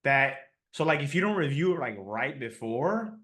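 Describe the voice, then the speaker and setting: A man's voice: mid-range voice, sing-song, moderate pace, a bit bright. A young man hosting a casual podcast interview as a tutor, talking in a laid-back, slangy way that often trails off. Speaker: podcast host, math tutor.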